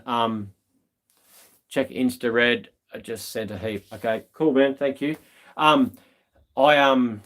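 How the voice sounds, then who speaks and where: An Australian man hosting a live stream, telling stories in a laid-back, slangy way with lots of ums. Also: mid-range voice. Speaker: livestream host. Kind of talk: casual live-stream chat.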